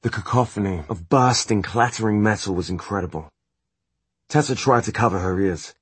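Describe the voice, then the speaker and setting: A man narrating a novel as an audiobook in a steady, measured reading. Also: fairly low pitch, breathy edge, no echo. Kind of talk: scripted narration.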